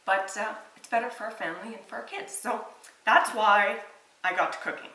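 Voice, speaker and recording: Bright-voiced mom chatting while she cooks, kinda echoey, mic a bit far off. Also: medium pitch, a little fast. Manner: chatty, earnest, thinks aloud with fillers. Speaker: home cook and mother. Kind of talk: casual cooking vlog. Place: home kitchen and backyard grill.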